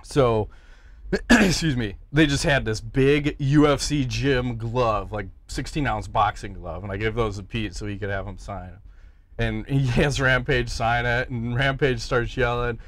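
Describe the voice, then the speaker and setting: A middle-aged man hosting a podcast, telling stories in casual chat, animated and swearing freely as he acts out the people he quotes. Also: mid-range voice, unhurried. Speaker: podcast host.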